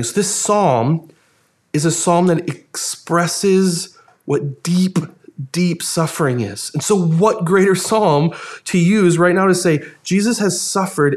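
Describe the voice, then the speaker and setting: A man preaching a sermon, earnest and expressive, with quick asides and soft dramatic drops. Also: a little high. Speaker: pastor.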